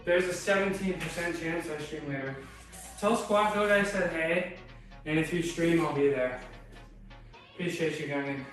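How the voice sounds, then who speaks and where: A man's voice: a little high, normal speed, long pauses, fairly bright tone, very echoey, recorded from a distance, soft background music, rough recording. Breathless, laid-back man streaming from his garage. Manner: laid-back, chatty, greets viewers by name. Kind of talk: casual chat with live chat while lifting. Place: home garage gym.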